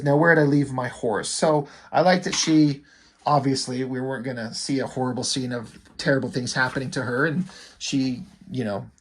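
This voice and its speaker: A man's voice: mid-range voice, breathy edge. A man casually reviewing a comic book, reading out its dialogue and giving blunt, profane asides.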